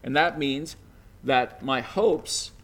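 A man's voice: mid-range voice, slow pace, fairly bright tone. A man preaching a sermon in a conversational way, often saying "you know" and building to emphatic bursts.

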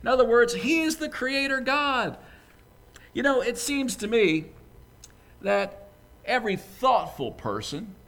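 A man preaching a sermon in a church, conversational and animated, with frequent asides to the congregation. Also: very high-pitched, measured pace, pauses often. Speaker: pastor.

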